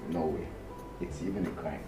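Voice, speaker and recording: Young Nigerian seminarian, calm advising tone, very low pitch, faint music behind. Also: male voice, moderate pace. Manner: calm, explaining, gently lecturing. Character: earnest young male seminarian, patient and advising.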